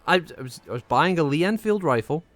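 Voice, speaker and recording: A man's voice: on the high side, lively intonation, fast, a bit bright, dry recording, faint music behind. A man from Northwest England with a Northwest English accent, giving rambling, sweary banter as he streams and commentates on a game. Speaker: gaming streamer. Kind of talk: casual gameplay commentary.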